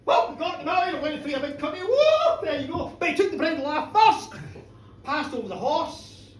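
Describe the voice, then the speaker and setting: A storyteller, telling a folk tale live to a bar audience, playful, with loud sound effects. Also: high voice, lively intonation, fairly quick. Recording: roomy, distant live bar recording.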